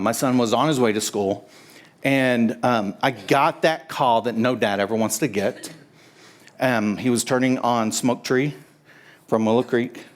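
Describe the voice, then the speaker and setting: A middle-aged man giving a casual, halting sermon and prayer in church, joking with the congregation. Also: mid-range voice. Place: church sanctuary.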